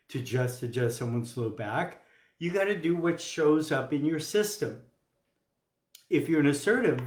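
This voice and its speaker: A man's voice: fairly high pitch, a little mellow. Casual coaching man in a roomy space. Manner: casual, joking, acts out examples. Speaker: health coach teaching doctors. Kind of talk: live-streamed coaching talk. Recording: roomy echo.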